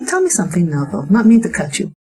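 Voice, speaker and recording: A woman hosting an interview, giving steady short affirmations and asking questions. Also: mid-range voice, fast, poor audio. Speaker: interview host. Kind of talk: interview chat.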